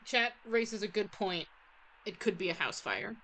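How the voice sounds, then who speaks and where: A woman's voice: mid-range voice, lively intonation, unhurried, fairly bright tone, a little hiss or hum, poor audio. A young woman streaming a game, chatting casually and rambling with lots of fillers. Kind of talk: casual let's-play commentary.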